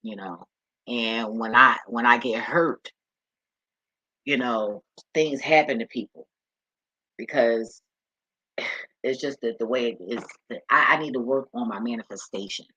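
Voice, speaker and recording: A woman's voice: rumbling low, unhurried, long pauses, bright, forceful tone, slightly rough, no room sound, lo-fi sound. A woman talking casually to camera, telling stories in blunt, profane street talk and often breaking into laughter. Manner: acts out others' voices in quoted asides. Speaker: vlogger. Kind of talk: casual storytelling monologue.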